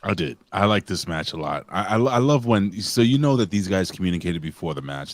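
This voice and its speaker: A man with a low, deep-set voice rambles through his wrestling opinions, swearing and calling everyone bro and man. The sound is dry and close, with no room around it. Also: expressive, fairly quick, hardly any pauses, dry recording. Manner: rambling, profane, buddy-style talk with restarts. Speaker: podcast co-host. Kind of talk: casual wrestling review chat.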